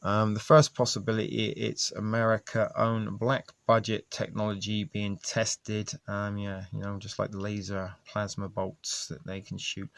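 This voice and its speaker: A man reading articles aloud and commenting in a casual, halting way, with many ums and restarts. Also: on the low side, gravelly, no room sound. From England. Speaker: video host.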